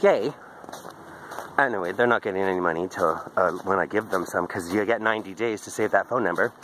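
A man's voice: low-pitched, fairly quick, fairly bright tone, slight background noise, low-quality recording. A man recording a candid, rambling video journal on a phone while walking outdoors, drifting off topic and laughing often. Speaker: video diarist. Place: outdoors on a daily walk in a park. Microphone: handheld phone.

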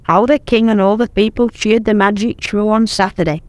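An older woman reading a children's story aloud in a gentle, expressive way, recorded at home on tape. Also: medium pitch, moderate pace, no echo.

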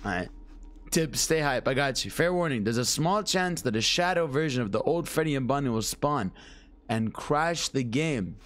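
A man's voice: mid-range voice, lively intonation, normal speed, a bit bright. A young man streaming a horror game live, talking to his chat, swearing, screaming and laughing at scares. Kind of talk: live gameplay commentary.

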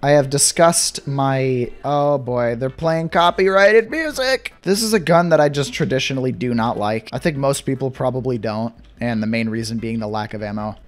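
A young man giving casual gameplay commentary, excitable and sarcastic, swinging between mock despair and glee. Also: medium pitch, moderate pace, few pauses. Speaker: gaming YouTuber.

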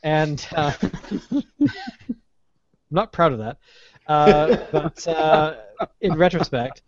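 Animated man ranting on a podcast. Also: on the high side, slow. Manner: animated, ranting storyteller, swears freely. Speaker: podcast host. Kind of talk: casual podcast chat. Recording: dull lo-fi podcast audio.

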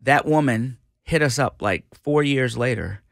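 A middle-aged man telling an animated story on a radio show, acting out the voices of the people in it. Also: mid-range voice, unhurried, gravelly, no room sound, studio quality. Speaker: radio host guest. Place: radio studio.

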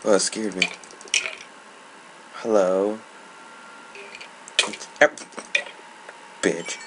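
A man's voice: low-pitched, fairly even intonation, very slow. A young man giving casual, annoyed gameplay commentary, rambling and swearing. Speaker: gamer. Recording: noisy home recording.

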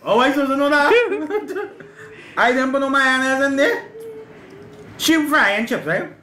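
A man's voice: very high-pitched, lively intonation, measured pace, pushed and bright. A man with a Trinidadian accent hosting a home cooking show, teasing and laughing through casual kitchen banter. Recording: echoey room with background noise.

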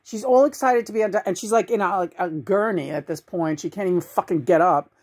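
Woman host, casual review chat, slightly low voice, swears freely, laughs through her storytelling. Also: brisk, breathy edge. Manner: profane, excitable storytelling with frequent laughter.

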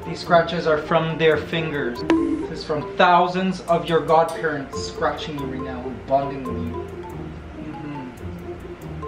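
Playful man vlogging in a roomy space. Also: on the high side. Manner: playful, laughs often, coos softly to his pet bird. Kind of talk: casual vlog chat. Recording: roomy echo with music behind.

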